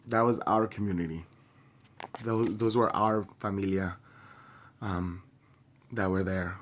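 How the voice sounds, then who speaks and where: A young man speaking straight to camera in a personal video, grieving and angry, impassioned and halting with many pauses, swearing openly. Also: deep voice, steady tone, a little hiss or hum. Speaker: vlogger.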